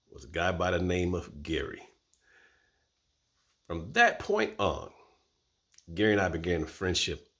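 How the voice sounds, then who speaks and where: A man, telling a personal story as host and acting out voices. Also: sits low. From Florida, USA. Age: 50s. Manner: animated, acts out voices.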